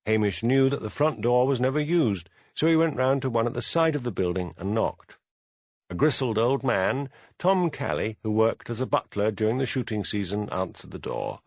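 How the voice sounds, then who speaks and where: Male audiobook narrator, measured, animated pitch, dry dull studio sound. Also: dry recording. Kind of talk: scripted narration.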